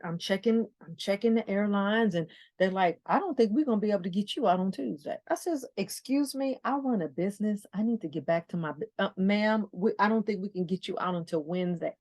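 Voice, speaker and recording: A middle-aged woman from the Bay Area hosts a motivational podcast with an animated storytelling manner. She acts out both sides of conversations and repeats phrases for emphasis. Her mid-range voice sounds close and dry, with no room around it. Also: medium pitch, dry recording. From San Francisco Bay Area. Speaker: podcast host.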